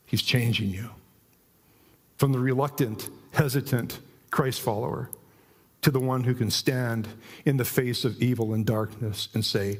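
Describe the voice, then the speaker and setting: A middle-aged man preaching a sermon in church, emphatic and animated, often asking the congregation questions. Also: mid-range voice, moderate pace.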